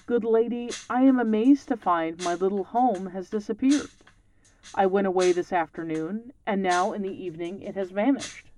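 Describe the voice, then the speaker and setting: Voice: mid-range voice, normal speed, darkish tone, a little hiss or hum, close to an everyday voice, rough recording. A podcast narrator voicing a bewildered, repentant old woodsman who speaks huskily and pleads through tears in a read-aloud folktale, with faint music behind. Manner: pleading, tearful and husky.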